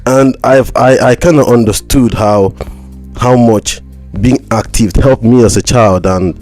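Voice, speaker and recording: A man from Nigeria, a mental health practitioner chatting as a podcast guest. He talks haltingly and repeats words with a slight stammer. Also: medium pitch, a little mellow, faint music behind. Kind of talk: casual conversation.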